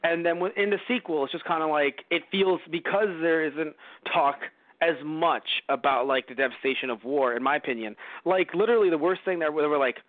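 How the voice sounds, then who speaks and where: A man's voice: fairly high pitch, brisk, no echo. A man hosting a casual movie review podcast, rambling with many fillers and restarts. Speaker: podcast host. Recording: dry, phone-like lo-fi audio.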